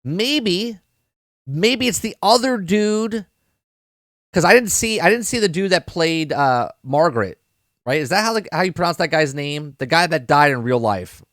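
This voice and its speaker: A fairly high-voiced man talks through a TV episode on a live stream, rambling and circling back on his words. He curses offhandedly and keeps checking in with his chat. The sound is dry and close, with no room around it. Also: lively intonation, unhurried, fairly bright tone, dry recording. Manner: rambling, repeats words, addresses chat, swears casually. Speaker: podcast host reviewing a TV episode. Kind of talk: casual live-stream review.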